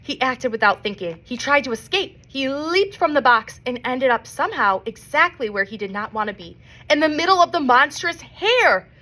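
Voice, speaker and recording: A woman reads a children's novel aloud with expressive storybook delivery. Her voice is bright and fairly high, swinging animatedly up and down as she reads. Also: moderate pace. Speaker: reader.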